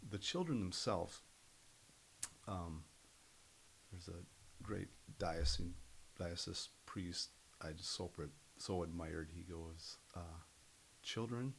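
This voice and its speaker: A middle-aged man, a podcast guest, telling stories in an earnest, animated way. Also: deep voice, slow pace, creaky, pauses often, slight background noise, poor audio. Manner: earnest, animated storyteller who acts out other people's voices. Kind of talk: casual storytelling interview.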